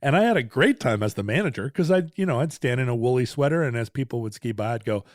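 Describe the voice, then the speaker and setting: Lively self-mocking man telling a story. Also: mid-range voice, fast, dry recording, clean studio sound. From Alaska. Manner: rambling self-deprecating storyteller. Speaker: podcast co-host. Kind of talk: casual chat.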